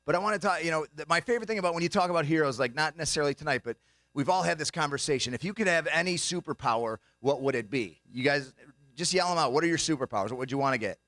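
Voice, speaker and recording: A young man with a high, fairly bright voice races through jokey stories in a banquet-hall comedy routine, acting out the voices of the people he describes. The recording is dry.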